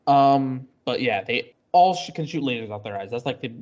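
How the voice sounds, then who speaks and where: A man's voice: medium pitch, lively intonation, normal speed, a little mellow. Man, podcast co-host, casual rambling recap, lots of fillers, dull lo-fi sound. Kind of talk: casual chat.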